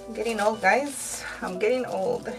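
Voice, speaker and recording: A woman's voice: medium pitch, moderate pace, over music, poor audio. A woman in her thirties chatting candidly to her viewers while she dyes her hair, fillers all through. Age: 30s. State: tearful at times. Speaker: vlogger. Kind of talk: casual chat while dyeing her hair.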